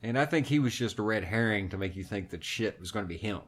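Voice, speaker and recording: A man's voice: on the low side, fast. A man swearing through a film retelling. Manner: animated, heavy swearing, recounts a film plot. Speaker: podcast co-host. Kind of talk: casual profane chat.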